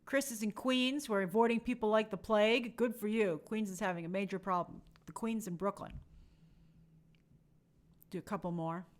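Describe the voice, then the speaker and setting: A woman's voice: mid-range voice, normal speed. A young woman hosting a live stream, chatting casually and reading out viewer comments in a friendly, chatty way. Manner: chatty, friendly, reads names aloud.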